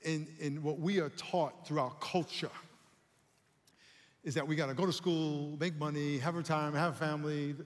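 A man preaching a sermon as pastor, animated and calling on the congregation to respond. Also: a little high, moderate pace, big-room sound.

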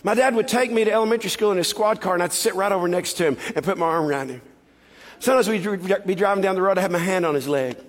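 A man preaching a sermon, telling a personal story and building to loud, animated exhortation. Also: sits high. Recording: long hall reverb.

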